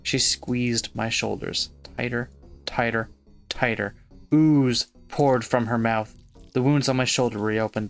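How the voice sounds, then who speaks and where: A man reads narration from a visual novel for his let's play. His voice is mid-pitched and steady. He reads plainly, line by line. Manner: steady first-person reading of game text.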